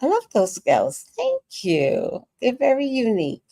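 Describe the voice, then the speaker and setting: She's in her sixties, and on her casual livestream she reads out viewer comments, chats about films, and says she's tired. Her voice is on the high side and warm, with wildly swooping pitch, vocal fry, and an unhurried pace, recorded without echo. Chatty and quick to laugh, she slips into sudden sung bits.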